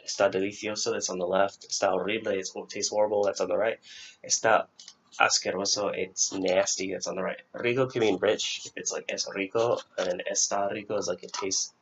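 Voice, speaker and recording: A man's voice: deep voice, flat delivery, brisk, a bit bright, slight background noise. A man giving an informal vocabulary review lesson as a teacher, talking casually and correcting himself as he goes. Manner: casual, self-correcting, thinks aloud with fillers. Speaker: Spanish teacher. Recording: dull lo-fi recording.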